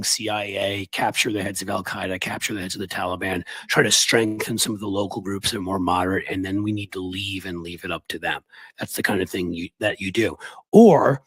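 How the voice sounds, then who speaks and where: A man hosting a political live stream, raspy from the flu, talking bluntly and conversationally to his viewers. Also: lowish voice, fairly bright tone, dry recording, low-quality recording. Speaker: political commentary host.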